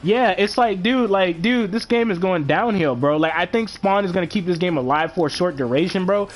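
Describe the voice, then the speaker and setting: A man's voice: high-pitched, brisk. A man ranting on a live stream, exasperated and profane, full of slang and repeated filler words. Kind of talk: casual live stream rant.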